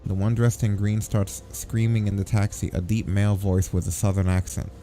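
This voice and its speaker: A man hosting a let's play, reading the game's text aloud with wry, deadpan asides. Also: lowish voice, normal speed, soft background music.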